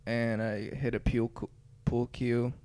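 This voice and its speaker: A man co-hosting a podcast in casual chat, rambling and laughing often, his voice trailing off quietly. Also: medium pitch, flat delivery, a little slow. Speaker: podcast co-host.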